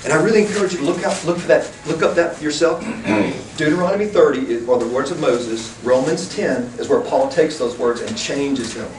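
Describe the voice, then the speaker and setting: A male preacher giving an emphatic, animated sermon, sometimes rising to a shout, recorded from far off in a room. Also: on the high side, fairly quick, few pauses. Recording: echoey room from far off with faint noise.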